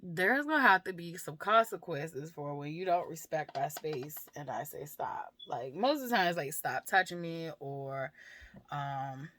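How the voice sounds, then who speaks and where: A woman's voice: deep voice, animated, measured pace, a bit bright. A woman vlogger and mother talking frankly about her life and parenting, laughing often and swearing freely, with many fillers. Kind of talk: candid personal talk to camera.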